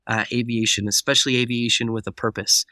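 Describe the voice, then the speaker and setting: A man recounts a personal story as a podcast guest, playing out each exchange as he goes. His voice is bright and forceful, recorded close and dry on a studio mic. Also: medium pitch, level tone, fast, dry recording. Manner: vivid storyteller who acts out dialogue. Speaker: guest speaker.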